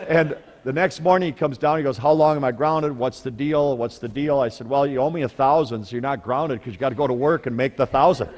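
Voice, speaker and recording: A middle-aged man presenting at a parenting workshop, telling stories in an animated way and asking the audience questions. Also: mid-range voice, brisk, long reverb tail. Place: large conference room.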